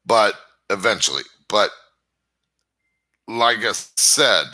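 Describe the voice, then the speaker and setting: A man's voice: fairly low pitch, expressive, takes it slowly, sharp tone. A man hosting his own channel, giving a rambling casual monologue and often stammering over restarts. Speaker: channel host.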